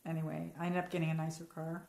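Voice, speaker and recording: A woman's voice: low voice, monotone, fast talker, creaky, a little mellow, reverberant. An American woman hosting a casual live-chat stream from home, rambling and reading out viewer comments. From United States. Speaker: livestream host.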